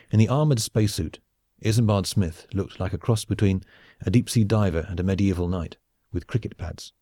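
A man narrating a comic science-fiction audiobook in a measured, wry storytelling manner. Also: deep voice, warm tone, no echo, studio quality. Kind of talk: scripted narration.

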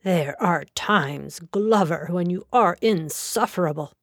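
A woman's voice: lowish voice, slow, no echo, studio quality. A woman voicing an eminent older male lawyer, sentimental and easily offended, in an audiobook. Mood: indignant. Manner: husky, indignant.

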